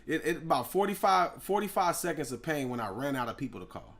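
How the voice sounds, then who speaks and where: A man's voice: a little high, fast, gravelly, fairly bright tone. Man telling a wild story. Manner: acts out voices and sound effects while telling a story. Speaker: guest rapper. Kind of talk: animated storytelling.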